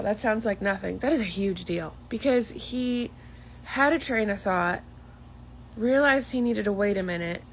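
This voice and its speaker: A woman's voice: medium pitch, creaky. A woman telling the story of her son's progress in a casual vlog, earnest and emotional as she recounts each moment. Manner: earnest, emotional retelling with lively quoted voices.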